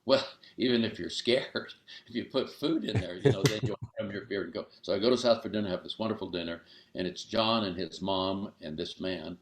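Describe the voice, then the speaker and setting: An older man telling a story as an interview guest, acting out the dialogue in an animated way. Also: a little fast, roomy sound, over a noisy crowd. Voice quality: gravelly low voice.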